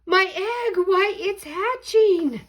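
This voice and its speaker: An older woman voicing a faithful, patient male elephant in a read-aloud storybook, earnest and steady. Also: medium pitch, takes it slowly, rough recording. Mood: excited.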